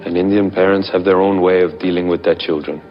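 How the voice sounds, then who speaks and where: An actor playing a defense lawyer who argues formally before a court. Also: male voice, sits low, steady tone, natural voice. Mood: firm. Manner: formal, measured argument. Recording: muffled film soundtrack with music.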